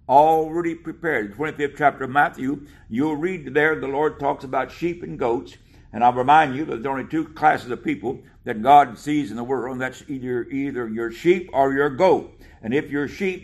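A man preaching a sermon, reading scripture aloud slowly and with emphasis, with some hesitant fillers. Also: medium pitch.

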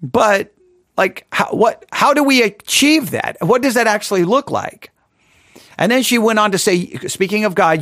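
A man's voice: sits high, lively intonation, measured pace, a bit bright, dry recording, clean studio sound. A man hosting a casual Christian podcast, talking in a rambling, self-deprecating way with many restarts. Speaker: podcast host.

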